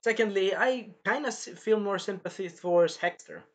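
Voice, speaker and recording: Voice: mid-range voice, moderate pace. A reviewer giving a casual spoken episode review, rambling and swearing, with many fillers and restarts. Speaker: show reviewer.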